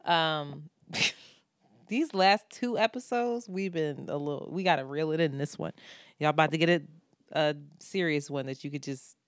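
A woman co-hosting a podcast, telling stories in an animated, joking way and laughing often. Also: low voice, measured pace, clean tone, no echo, studio quality. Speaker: podcast co-host. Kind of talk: casual chat.

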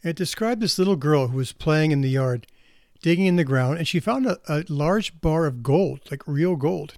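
A man's voice: fairly high pitch, expressive, moderate pace, darkish tone, dry recording, studio quality. A man speaking earnestly as a counselor to parents, often restarting and repeating words as he talks. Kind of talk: reflective spoken talk.

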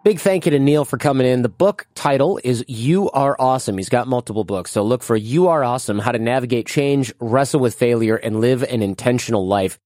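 A man hosting a podcast interview, casual and quick to react, then reading the show outro. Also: mid-range voice, a little mellow, no room sound, studio quality, faint music behind. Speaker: podcast host.

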